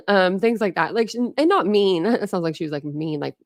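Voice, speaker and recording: Hosting her casual live stream commentary channel, this Ohio woman rambles with viewers, laughing often and filling gaps with fillers; her Ohio accent shows a Philadelphia family influence. Her mid-range voice has lively intonation, a moderate pace and a slightly mellow quality. The recording is dry and cleanly studio-made.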